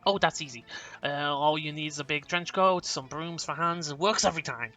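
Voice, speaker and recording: A man's voice: on the high side, steady tone, brisk, sharp tone, soft background music. A man voicing a boastful male camp counselor who calls himself a master of disguise, in a put-on accent. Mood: confident. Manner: puts on an accent, stumbling over words.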